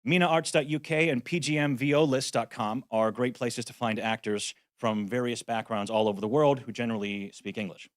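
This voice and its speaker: A man's voice: mid-range voice, fairly even intonation, brisk, hardly any pauses, dry recording, studio quality. A man, a voice actor, giving a practical conference talk with wry, self-deprecating asides. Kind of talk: conference presentation. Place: conference venue.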